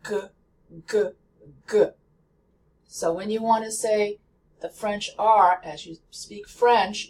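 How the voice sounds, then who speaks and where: A woman teaching pronunciation at a slow, careful pace, drilling each sound over and over. Her voice sits at a middle pitch and comes from a little way off the mic. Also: a little mellow, recorded from a distance, poor audio. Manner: slow, deliberate, repeats sounds for practice. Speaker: language teacher. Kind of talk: pronunciation lesson.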